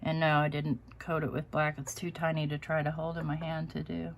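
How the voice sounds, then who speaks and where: Woman, crafting host, chatty live-stream talk, self-deprecating, slightly low voice. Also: little pitch movement, a little fast, gravelly, a little hiss or hum.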